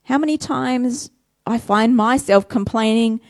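A woman's voice: medium pitch, lively intonation, unhurried, darkish tone, dry recording, studio quality. Woman preaching in a conversational way. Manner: conversational, self-deprecating, rhetorical questions. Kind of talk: sermon.

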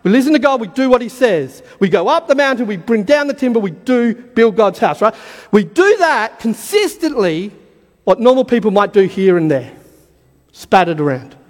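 A man preaching a sermon with fervour, repeating key lines and building to shouts, his voice going hoarse. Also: high voice, big pitch swings, normal speed, in a large hall.

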